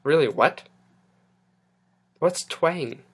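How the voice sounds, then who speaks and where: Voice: medium pitch, expressive, drawn-out words, breathy edge. A podcast host, chatting casually and sounding flustered and exasperated while swearing at technical trouble. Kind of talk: casual live-stream chatter.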